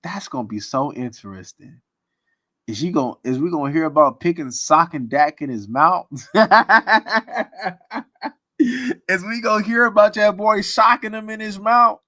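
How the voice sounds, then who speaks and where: Animated, laughing man talking sports. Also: high-pitched, measured pace, dry recording. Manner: animated, laughs often, slangy and teasing. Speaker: sports commentary host. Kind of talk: casual sports talk stream.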